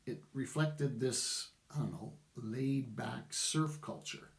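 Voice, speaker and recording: A man's voice: mid-range voice, animated, a little slow, roomy sound. A middle-aged man giving casual, opinionated commentary to camera, chuckling wryly as he goes. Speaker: vlogger.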